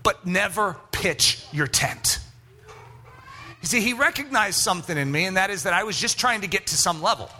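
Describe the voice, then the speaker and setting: Man, preacher telling a story, acts out dialogue, high voice, bright. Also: fast, hardly any pauses. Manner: animated, acts out both sides of dialogue. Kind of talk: storytelling sermon.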